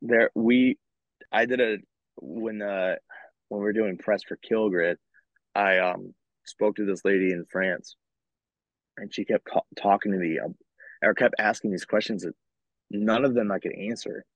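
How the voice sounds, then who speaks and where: A man's voice: lowish voice, a little slow, pauses often, no echo. A man, a metal band singer, chatting as a guest and telling stories with animation. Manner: animated storyteller, laughs between lines. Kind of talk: casual chat. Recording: dull lo-fi sound.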